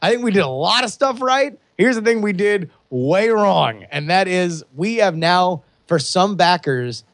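A young adult man co-hosting a podcast, chatting casually and excitedly with many restarts. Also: high-pitched, measured pace, no room sound, studio quality. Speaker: podcast co-host. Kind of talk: casual chat.

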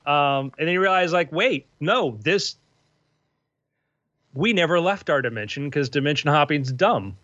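Bright-voiced man running a tabletop game. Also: a little high, lively intonation, a little slow, no room sound. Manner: dry, offhand narration with asides. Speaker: game master. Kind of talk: narrating a comedic tabletop game. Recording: dull, lo-fi podcast audio.

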